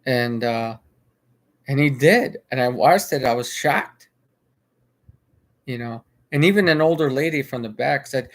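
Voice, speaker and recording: A man's voice: a little high, measured pace, long pauses. Rambling man retelling a viral clip. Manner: rambling with frequent restarts and filler. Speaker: vlogger. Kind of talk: casual spoken commentary.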